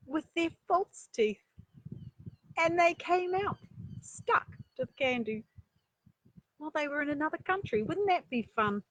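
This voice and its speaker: A woman reading a children's story aloud, breaking off for chatty asides and rhetorical questions to her listeners, with a breathy voice. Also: high voice, fairly bright tone, no echo. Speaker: storyteller and life coach.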